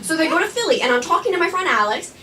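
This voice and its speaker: A woman's voice: very high voice, big pitch swings, very fast, pushed and bright. A young woman telling a nervous, rambling, self-mocking story live on stage. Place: small performing arts studio. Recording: stage voice from a distance with faint room noise.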